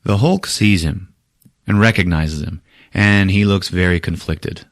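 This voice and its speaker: A man hosting a podcast who recaps a movie in a casual, profane, animated way, laughing often. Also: low-pitched, measured pace, no echo, clean studio sound. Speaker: podcast host.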